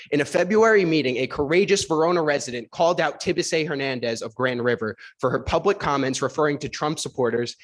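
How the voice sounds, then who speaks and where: A man delivering an indignant, rhetorical prepared statement during public comment at a school board meeting. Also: a little high.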